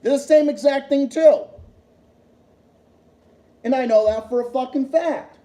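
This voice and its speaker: A man's voice: very high voice, measured pace, dark tone, echoey room. A man hosting a livestream, ranting heatedly about politics with lots of profanity and repetition. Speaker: livestream host.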